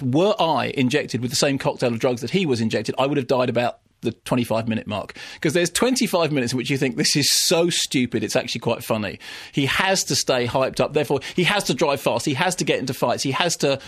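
A man's voice: mid-range voice, a little fast, fairly bright tone, slightly rough, dry recording. Male radio film critic, theatrical and ranting, dry close studio sound. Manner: ranting, theatrical, comic impressions. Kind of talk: animated radio film review.

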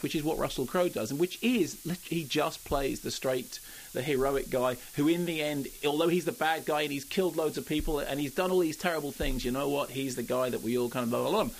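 A man reviewing films on the radio, animated and jokey, acting out quotes. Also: fairly high pitch, slight background noise, low-quality recording. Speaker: film critic. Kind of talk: radio film review chat.

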